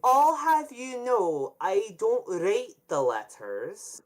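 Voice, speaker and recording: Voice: mid-range voice, wildly swooping pitch, slow pace, voice pushed up. A game master voicing a prim, offended female dwarf steward with a clipped, prissy manner. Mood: indignant.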